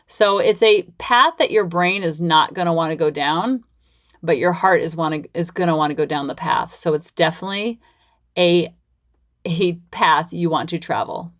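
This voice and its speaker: A woman's voice: on the low side, normal speed, a bit bright. A woman hosting her own parenting podcast, talking casually in a chatty, rambling, upbeat way and repeating herself often. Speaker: parenting coach and podcast host. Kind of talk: casual solo podcast talk.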